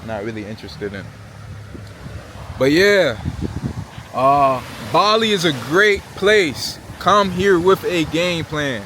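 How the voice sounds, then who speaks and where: A man's voice: on the high side, animated, takes it slowly, long pauses, bright, forceful tone, slight background noise. A young man from Virginia Beach with an American accent talks casually to the camera as a travel vlogger. He speaks earnestly and uses slang, often tagging his sentences with "right?" and "you know?". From Virginia Beach, Virginia, USA. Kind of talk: casual vlog talk to camera.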